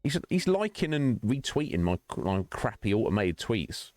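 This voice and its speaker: A man's voice: fairly low pitch, sing-song, moderate pace, a little mellow, dry recording. A man streaming and chatting casually with his viewers, rambling, joking and laughing often.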